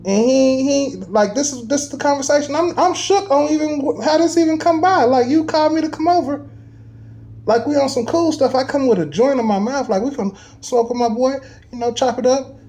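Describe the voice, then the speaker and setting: A man in casual chat, telling a personal story with animated emphasis and street slang. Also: very high voice, fairly quick.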